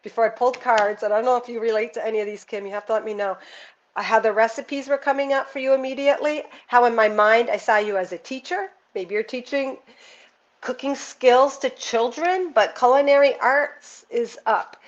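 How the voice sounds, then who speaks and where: A woman's voice: fairly high pitch, brisk, muffled recording. A woman giving a casual, earnest spiritual card reading, talking straight to one viewer in an intuitive way.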